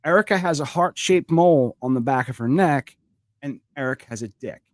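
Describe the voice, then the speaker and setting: A man co-hosting a comedy podcast, joking and teasing in lively banter. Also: medium pitch, moderate pace, no echo. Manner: joking, animated, playful voice impressions. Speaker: podcast co-host.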